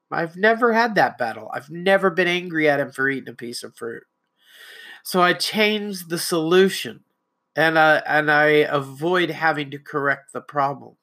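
A woman's voice: deep voice, fairly bright tone. A middle-aged trans woman hosting a solo podcast, talking in a conversational, reflective way about parenting and often acting out quotes. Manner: conversational, reflective, with frequent restarts and acted-out quotes. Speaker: podcast host.

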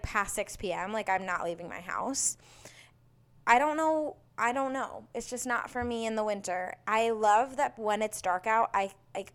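A young woman hosts a podcast on her own, chatting in a bubbly, casual way and using lots of fillers. Her voice is medium in pitch with a fairly bright tone.

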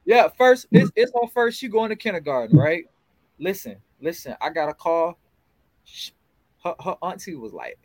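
A man co-hosting a podcast, telling animated, profane stories in casual chat. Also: a little high, normal speed, no room sound, poor audio. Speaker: podcast co-host.

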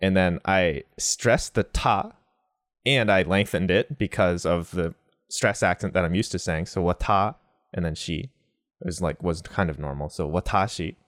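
Guy with a really low voice walking thru pronunciation, easygoing teacher vibe, dry sound. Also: no echo. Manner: explains slowly with examples, mixing in Japanese words. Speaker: language teacher. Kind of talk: casual language lesson.

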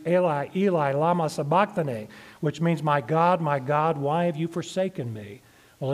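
A man preaching a sermon, reading scripture aloud and explaining it in a measured way, slowing down to stress the verses. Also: fairly high pitch. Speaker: pastor.

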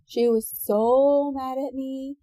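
A woman telling a personal story in casual chat, animated and laughing often, acting out what people said. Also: sits high, slow, no room sound, highs cut off.

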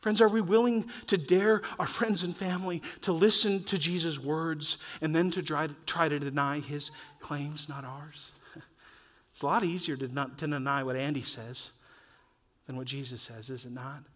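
A man preaching a sermon as pastor, earnest and urging, his voice rising and falling in loudness from point to point. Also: a little high, moderate pace.

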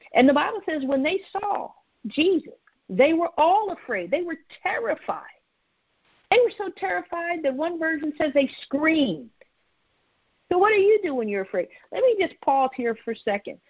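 Her voice sits high, with no room sound, as she delivers an earnest, sermon-style teaching. She repeats phrases and often restarts mid-sentence, and the audio is dull and lo-fi.

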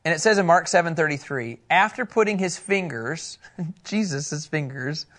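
A man's voice: fairly high pitch, lively intonation, a bit bright. Playful man teaching scripture. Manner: playful, laughs often, quick asides. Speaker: pastor teaching a Bible study. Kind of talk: casual sermon to a live group.

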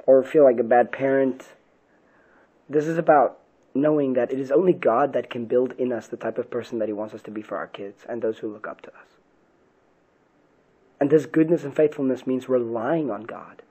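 A man's voice: mid-range voice, mellow, breathy edge, muffled recording. A man, a pastor, giving an earnest podcast talk on parenting and faith, often asking rhetorical questions.

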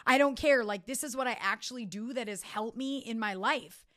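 A woman's voice: on the high side, normal speed. Upbeat motivational woman podcast host. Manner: energetic, emphatic, repeats key points.

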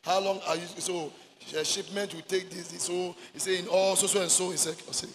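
A man preaching a sermon as pastor, mixing Twi and English and shouting for emphasis. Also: sits high, flat delivery, a little fast. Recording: echoey hall with faint noise.

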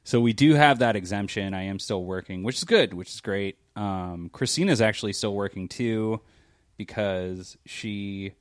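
A man's voice: on the low side, normal speed, no echo, clean studio sound. A young adult man co-hosting a casual chat from home, joking, rambling and laughing often. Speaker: podcast co-host.

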